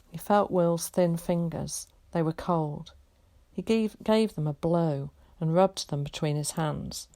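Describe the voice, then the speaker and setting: Low, mellow woman reading a story. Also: slow pace. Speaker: teacher reading aloud. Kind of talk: storybook read-aloud.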